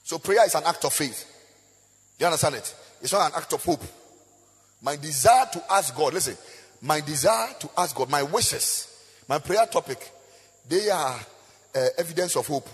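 A man preaching a sermon, chanting in a sing-song voice, rising to shouts, asking the crowd call-and-response questions and breaking into tongues. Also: a little high, expressive, normal speed, pauses often, husky. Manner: bursts of praying in tongues. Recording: echoey hall with faint music.

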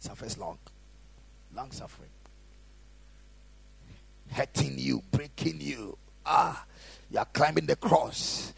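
Raspy preaching pastor, lively and gravelly. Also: male voice, mid-range voice, slow, long pauses, no room sound, rough recording. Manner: preaching with call-and-response questions; swings between shouting and soft asides. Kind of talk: sermon.

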